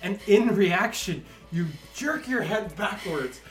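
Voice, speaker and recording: Animated man narrating as game master. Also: sits high, slow pace. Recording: echoey room, faint music.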